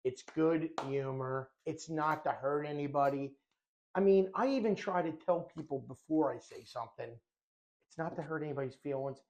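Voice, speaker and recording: A man's voice: fairly high pitch, moderate pace. A middle-aged man telling a story in casual podcast chat, acting out voices and often laughing. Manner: animated storyteller who breaks into laughter, acts out voices. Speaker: podcast co-host.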